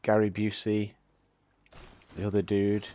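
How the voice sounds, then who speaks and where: A man's voice: fairly low pitch, completely flat delivery, measured pace, mellow, lo-fi sound. A man chatting casually and laughing often while he plays a game on a livestream. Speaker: streamer playing the game. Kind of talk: casual gaming livestream chat.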